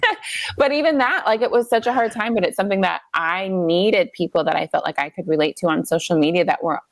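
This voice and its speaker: Chatty animated woman on a video call. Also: fairly low pitch, fairly quick, no room sound. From United States. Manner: chatty and animated, many fillers like "like". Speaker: guest. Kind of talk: casual interview chat. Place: at home.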